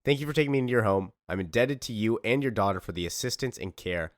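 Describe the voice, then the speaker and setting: A man's voice: on the low side, lively intonation, fast talker, no echo, studio quality, close to an everyday voice. A man voicing an earnest, polite young male pilot.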